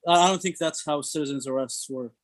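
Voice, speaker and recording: A man joins a casual chat and asks skeptical, probing questions. His voice sits somewhat high for a man. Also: fast talker, low-quality recording.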